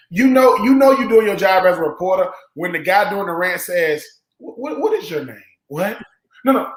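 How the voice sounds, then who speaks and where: A man's voice: extremely high pitch, a bit bright. A man hosting casual sports talk, rambling and acting out quotes in put-on voices. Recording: roomy echo.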